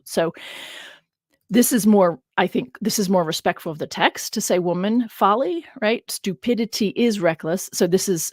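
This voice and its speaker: A woman's voice: on the low side, no room sound. A woman biblical scholar hosting a casual teaching livestream, musing aloud, laughing often and stressing key words.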